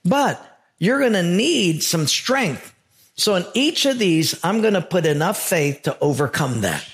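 A man's voice: high-pitched, sing-song, unhurried, a bit bright. A man preaching a sermon as a pastor, earnest and emphatic, telling stories to drive his point home.

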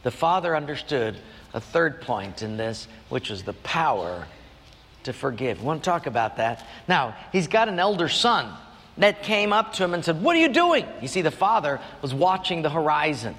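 Pastor, male, slightly raised pitch, earnest storyteller, long church reverb. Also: animated, normal speed, fairly bright tone. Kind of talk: sermon.

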